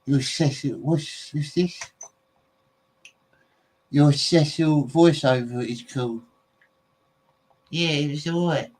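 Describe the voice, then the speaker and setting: A man's voice: fairly high pitch, takes it slowly, pauses often, a little mellow, rough recording. Rambling English man chatting casually. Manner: rambling, goes off on tangents, many fillers. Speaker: podcast host. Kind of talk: casual chat to viewers.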